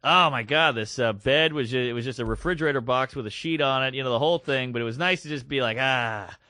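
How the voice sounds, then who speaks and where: A man's voice: medium pitch, fast talker, bright, forceful tone, dry recording. A man co-hosting a podcast, telling rambling comedic road stories and acting out the people in them. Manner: rambling anecdotes with acted-out quotes. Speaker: podcast co-host. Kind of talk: casual comedic storytelling.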